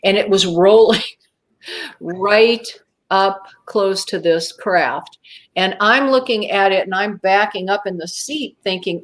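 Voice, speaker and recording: A woman's voice: medium pitch, slow. Woman recounting a strange encounter. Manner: animated storytelling, acts out her own past thoughts. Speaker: guest. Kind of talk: telling a personal encounter story.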